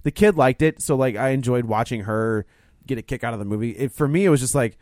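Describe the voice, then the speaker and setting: Male co-host, easygoing, mid pitch, dry close mic. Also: quick pace, a little mellow, no room sound. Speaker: podcast co-host. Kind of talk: casual chat.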